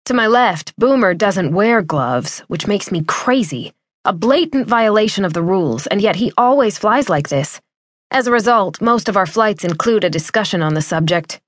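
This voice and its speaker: A woman narrating a first-person audiobook in a wry, measured way. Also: mid-range voice, no room sound, studio quality.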